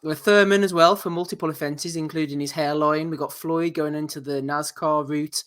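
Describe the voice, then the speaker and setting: A man hosting a podcast segment briskly, running through a list between jokes. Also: a little high, steady tone, fairly bright tone, clear, resonant tone. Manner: brisk, runs the segment, lists items. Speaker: podcast host. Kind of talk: casual banter.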